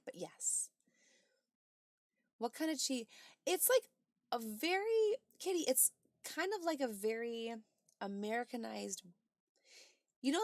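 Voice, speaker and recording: A woman hosting a livestream in a casual chat, reading chat messages aloud and replying with bright exclamations and soft asides. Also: mid-range voice, vocal fry, no room sound, clean studio sound.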